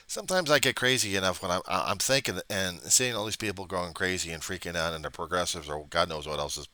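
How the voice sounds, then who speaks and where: A man rants into a webcam at home, rambling, sarcastic and quick to swear. His voice sits low and has a bright, forceful edge. The room sounds dry and close. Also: no echo.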